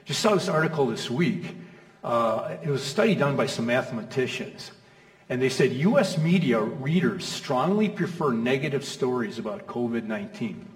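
A man's voice: medium pitch, expressive, moderate pace. A middle-aged male pastor preaching a sermon in a conversational, storytelling way, acting out quoted voices, in a church hall. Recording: echoey hall from far off.

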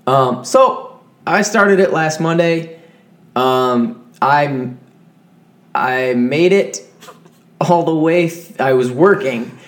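A young man co-hosting a podcast, telling animated stories in casual chat and swearing freely. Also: fairly high pitch, takes it slowly, long pauses. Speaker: podcast co-host.

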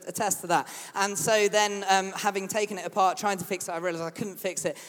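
A British man with a high voice preaching a sermon, telling a humorous, self-mocking story. He is recorded in a church hall with a long reverb trailing after his words. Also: a bit bright. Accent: British English.

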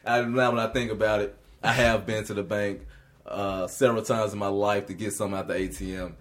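A man co-hosting a casual faith talk, animated and often laughing as he preaches. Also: on the low side, a little fast.

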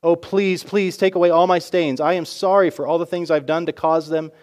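A man voicing a small, weary stained boy who pleads earnestly and stammers when excited. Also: a little high, brisk, voice pushed up, natural voice.

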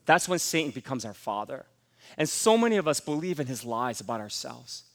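A man preaching a sermon as pastor, emphatic and rising to forceful exhortation. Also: mid-range voice, sing-song, a little fast, in a large hall.

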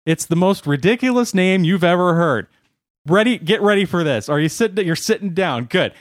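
A man's voice: high-pitched, sing-song, normal speed, fairly bright tone, dry recording, studio quality, voice pushed up. A man voicing a brash, chummy male bounty hunter with a put-on Australian accent, boastful and teasing. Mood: boastful cheery.

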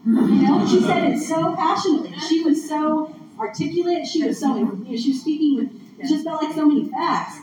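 A woman's voice: high voice, fairly quick. Woman preaching in an echoey hall. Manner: conversational, earnest, laughs along with audience. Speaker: speaker at a church gathering. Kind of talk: sermon. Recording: distant echoey room mic, muffled, noisy.

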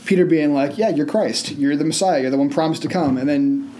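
A man's voice: on the high side, fairly quick, warm tone, a little hiss or hum. Laid-back man reading scripture. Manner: laid-back, slangy asides. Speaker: co-host reading scripture aloud. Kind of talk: casual Bible study chat and reading. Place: library.

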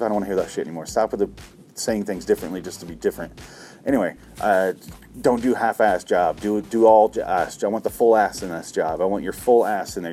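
A man's voice: deep voice, warm tone. A man hosting a comedy show, reading a list aloud and going off on a profane, sarcastic, exasperated rant. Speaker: comedy podcast host. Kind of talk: ranting comedic commentary reading from a book.

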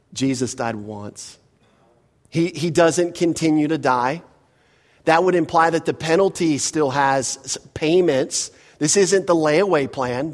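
A pastor preaching an expository sermon to his congregation, emphatic and full of rhetorical questions, often dropping to a softer voice. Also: mid-range voice. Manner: emphatic, rhetorical questions, drops to soft asides.

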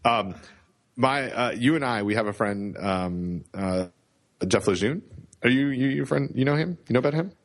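A man's voice: medium pitch, lively intonation, normal speed. A Canadian man co-hosting a podcast, chatting casually and rambling with self-deprecating jokes. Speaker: podcast co-host. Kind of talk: casual chat.

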